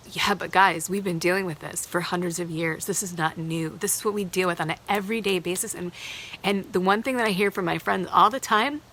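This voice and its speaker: A woman leads a live tarot reading, earnest and openly emotional as she thinks aloud. Her voice sits a little low but has a bright, forward edge. A faint hiss runs underneath. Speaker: tarot reader hosting a live moon reading.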